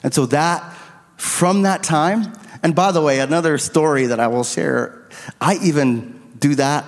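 A middle-aged man preaching as a pastor recounts a personal story with earnest, confessional honesty. His slightly high voice takes an unhurried pace through a handheld mic, and the sanctuary's hall adds a long, echoing reverb.

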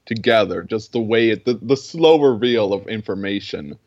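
A man's voice: fairly low pitch, moderate pace, darkish tone, dry recording, highs cut off. A young man in casual film discussion, earnest and rambling, with many fillers and restarts. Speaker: film podcast co-host.

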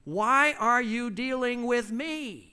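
A man's voice: very high-pitched, slow, clean tone, heavily acted. A man putting on a brash New York woman. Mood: incredulous. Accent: New York, put on. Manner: loud, incredulous, streetwise. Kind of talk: sermon illustration.

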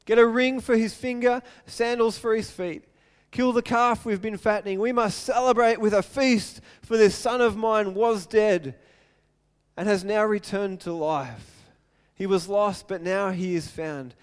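A man's voice: high-pitched, a little slow, clear, resonant tone, in a large hall, pitched above the performer's own voice. A man voicing a joyful, forgiving father who calls out urgent commands to his servants. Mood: overjoyed.

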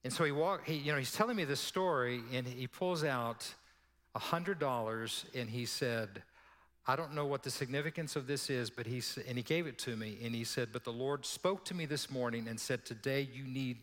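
A man preaching to his church, telling a personal story in an easy, conversational way. His voice sits at an ordinary middle pitch, and he breaks into little laughs between lines. A long reverb trails off every phrase in the sanctuary. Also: normal speed, a bit bright. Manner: conversational, laughing asides, acts out quoted voices. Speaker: pastor. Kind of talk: sermon storytelling.

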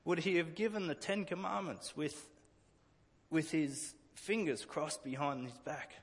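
An earnest male preacher delivers a sermon, doubling back on words as he restarts his phrases. His voice sits a little high for a man. The sound trails off in a long, reverberant tail. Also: a little slow, husky. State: emotional at times.

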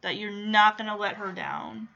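A woman hosting a reaction video who chats in a casual, excitable way and laughs often while recapping a scene, heard in a dull lo-fi recording. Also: medium pitch, moderate pace, vocal fry, a little hiss or hum.

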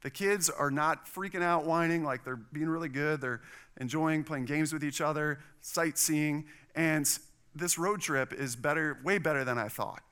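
The speaker is a middle-aged pastor with a smooth, fairly high-pitched voice at normal speed. In his sermon he animatedly tells a story from his life and performs the other people's voices.

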